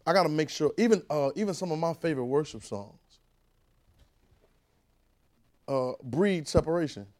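A man preaching a conversational sermon, repeating phrases and rising to shouted calls. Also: a little high, lively intonation, normal speed.

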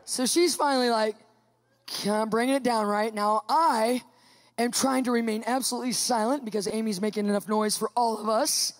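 A woman tells her personal testimony in an animated way. She laughs often and acts out other people's voices as she goes. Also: fairly high pitch, moderate pace, dry recording, studio quality. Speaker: guest giving a testimony.

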